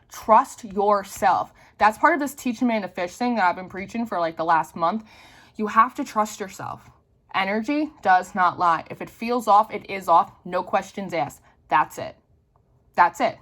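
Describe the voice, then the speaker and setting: A young woman talking casually to her viewers as a tarot reader, animated and blunt, swearing often and dropping lots of "like" fillers. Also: medium pitch. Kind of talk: casual spiritual talk to camera.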